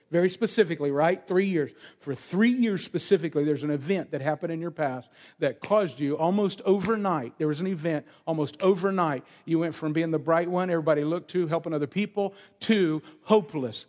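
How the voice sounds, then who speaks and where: A man's voice: on the high side, darkish tone, long reverb tail. A man preaching a sermon to a congregation, praying and ministering with an emphatic, repetitive cadence. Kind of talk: sermon with prayer and prophetic ministry. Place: meeting room with a gathered congregation.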